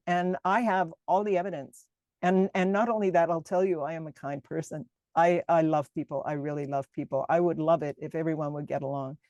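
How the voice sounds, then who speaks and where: A woman's voice: low voice, warm tone, dry recording. A woman guest speaker answering audience questions in an earnest, emphatic way, often restarting her sentences. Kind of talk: Q&A answer at a public talk.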